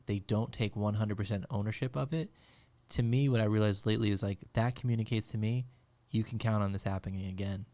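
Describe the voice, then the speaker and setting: A man who runs a business and has employees, calmly reflecting on ownership in a podcast chat. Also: on the low side, a little fast, no room sound. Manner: thoughtful, steady, reflective. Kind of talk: casual podcast conversation.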